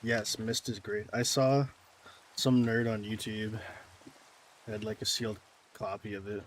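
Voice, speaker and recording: A man's voice: lowish voice, level tone, a little slow, a little hiss or hum. Sarcastic man ranting on stream. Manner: sarcastic, mock-indignant ranting. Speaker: live-streamer. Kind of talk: casual gameplay stream chat, answering viewers.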